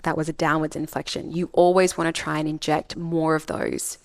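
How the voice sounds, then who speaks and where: Australian woman, speaking coach, lowish pitch, dry studio sound, emphatic. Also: little pitch movement, fairly quick, vocal fry, no echo. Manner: emphatic, acts out example voices. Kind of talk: podcast interview.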